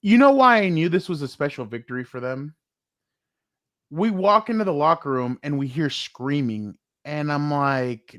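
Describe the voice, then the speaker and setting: A man hosting a casual sports talk show, telling animated stories full of fillers and acted-out quotes. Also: fairly high pitch, moderate pace, no echo, studio quality. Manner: animated storyteller, many likes and fillers.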